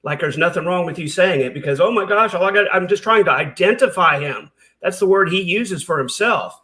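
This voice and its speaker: A high-pitched man delivers angry reaction commentary. He is sarcastic and heated, swearing often as he rants. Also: brisk, pushed and bright. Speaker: commentary channel host.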